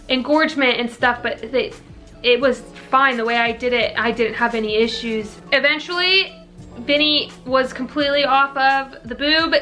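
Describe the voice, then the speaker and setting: A woman's voice: on the high side, pushed and bright. A young woman answering viewer questions in a casual, earnest chat to camera, full of "like" and "you know". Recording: faint music behind.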